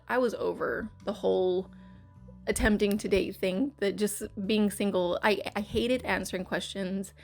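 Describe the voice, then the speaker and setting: A woman's voice: mid-range voice, creaky. A woman hosting her channel, rambling through a casual story-time chat with plenty of fillers and restarts. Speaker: YouTube channel host.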